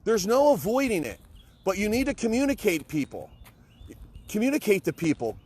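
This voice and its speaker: A man's voice: sits high, sing-song, normal speed, a little mellow, breathy edge. A middle-aged man giving an impassioned, blunt pep talk to camera, emphatic, repetitive and peppered with swearing. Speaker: motivational vlogger.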